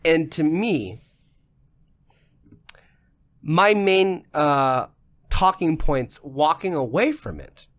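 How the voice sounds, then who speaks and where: A man's voice: mid-range voice, a bit bright. A man co-hosting a casual podcast discussion, ranting emphatically and with plenty of profanity, his voice getting a little worn. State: losing his voice. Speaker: podcast co-host.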